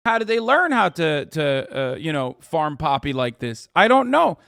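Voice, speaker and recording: Man, streamer host, sarcastic, profane, animated ranting, slightly high voice, dry close sound. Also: moderate pace, gravelly, no room sound. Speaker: political livestream host. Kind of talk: live-stream news reaction.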